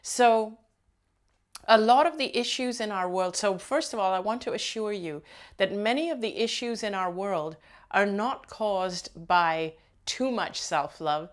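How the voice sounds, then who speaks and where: A woman's voice: medium pitch, measured pace. A woman hosting her own channel, chatting casually to viewers with rambling asides and frequent laughs. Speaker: host.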